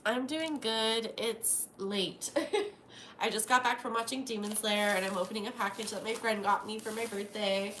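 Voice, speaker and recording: A woman's voice: medium pitch, moderate pace, pushed and bright, echoey room. A young woman live-streaming a casual unboxing from home, gasping and gushing with delight as she talks to her viewers. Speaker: livestreamer. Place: home at night. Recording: noisy home stream audio.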